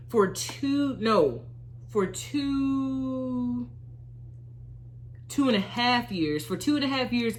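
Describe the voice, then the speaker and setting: An Army veteran in her thirties tells a story for her vlog in a mid-range voice. She's animated and expressive, acting out her own reactions as she goes.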